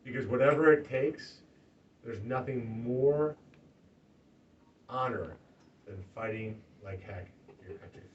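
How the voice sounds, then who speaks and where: A man, a political candidate, giving a campaign stump speech to a small crowd, swinging from loud rallying to hushed, earnest talk. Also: medium pitch, unhurried, long pauses, slight background noise. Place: party office meeting room. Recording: distant lo-fi room recording, faint ambience.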